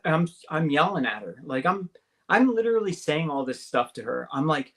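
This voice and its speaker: Excitable man telling a story, fairly high voice. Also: fairly quick. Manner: excited, repetitive, uses many fillers and tag questions; acts out the quoted voices, jumping higher for them. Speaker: guest recounting an abduction experience. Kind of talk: animated personal storytelling. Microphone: call-in or studio mic on a talk radio show.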